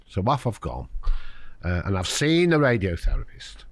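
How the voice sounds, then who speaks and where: A man's voice: low voice, wildly swooping pitch, moderate pace, dry recording. An older man, a podcast guest, tells a personal story frankly and acts out the voices of the people in it. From United Kingdom. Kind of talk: candid conversational storytelling.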